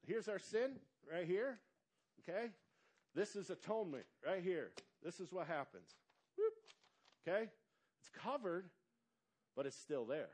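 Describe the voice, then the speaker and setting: Pastor guy preaching, high lively voice, keeps quizzing the church and drawing words out. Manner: animated preaching with call-and-response questions to the congregation; drawn-out emphatic words. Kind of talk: sermon.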